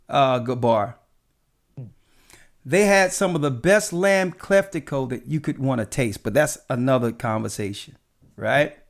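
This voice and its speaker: A man with a fairly high voice tells stories from his travels in an easygoing chat. He is a church elder who keeps checking in with his listener with "right?" as he goes. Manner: animated anecdotes with frequent "right?" asides. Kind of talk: casual storytelling chat.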